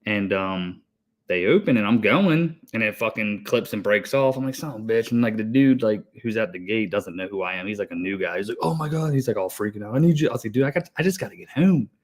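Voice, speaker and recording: Man, 30s, podcast co-host, lowish voice, hyper and breathless, swears a lot, rambling storyteller. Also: lively intonation, quick pace. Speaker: podcast co-host, HVAC technician. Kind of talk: casual chat.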